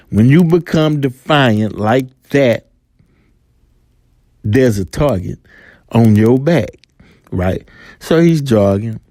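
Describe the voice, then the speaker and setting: A man hosts a podcast alone, ranting in a heated, profane commentary. His voice is mellow and dark, recorded dry and close with no room sound. He often acts out the people he talks about. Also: mid-range voice, no echo. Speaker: podcast host. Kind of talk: angry commentary monologue.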